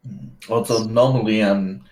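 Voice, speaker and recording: A man playing in a tabletop role-play, talking in character with hesitant, halting phrasing and frequent restarts. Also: fairly low pitch, steady tone, darkish tone. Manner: hesitant, many fillers and restarts. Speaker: player. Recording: roomy echo.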